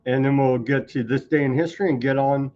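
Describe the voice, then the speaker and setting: Man, casual news-stream host, sarcastic and rambling, mid pitch, slightly muffled lo-fi audio. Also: fairly even intonation, fairly quick, darkish tone. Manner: sarcastic, rambling, scornful asides.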